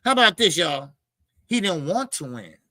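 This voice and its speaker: A man's voice: high-pitched, sing-song, moderate pace, sharp tone, dry recording. A man hosting a boxing talk show, ranting in blunt, profane casual commentary.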